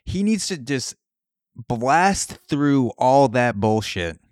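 A man's voice: medium pitch, sing-song, slow pace, a little mellow, no echo, studio quality. A man hosting a podcast, riffing through a profane comedic solo monologue. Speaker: podcast host.

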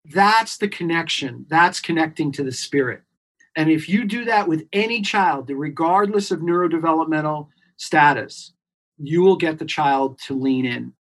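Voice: mid-range voice, normal speed. A clinician guest in an interview, explaining earnestly and emphatically and repeating key points. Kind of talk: expert explaining on a podcast interview.

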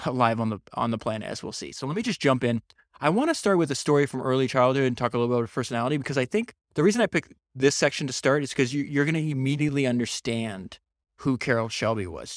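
A man's voice: mid-range voice, no echo, studio quality. A man hosting a solo book podcast, speaking with enthusiasm and frequent restarts. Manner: enthusiastic, with many restarts and fillers. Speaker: podcast host.

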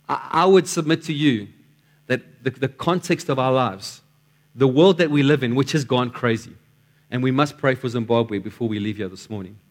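A man's voice: mid-range voice, normal speed. A man delivers a sermon to his congregation. His delivery is conversational and anecdotal, and he restarts and repeats words as he builds his points. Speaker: preacher.

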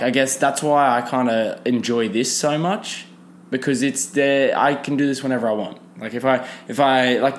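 A man's voice: medium pitch, slight background noise. A young man, rambling casually through a solo podcast with lots of fillers and restarts. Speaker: podcast host.

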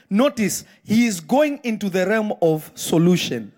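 A man preaching a live sermon in a church, reading scripture slowly and then breaking into impassioned shouts. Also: high voice, expressive. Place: church sanctuary.

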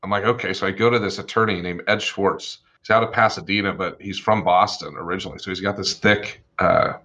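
A man who works as an attorney, telling stories from his career in a casual, animated way, swearing freely and acting out the people he quotes. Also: deep voice, fairly quick. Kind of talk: casual storytelling chat.

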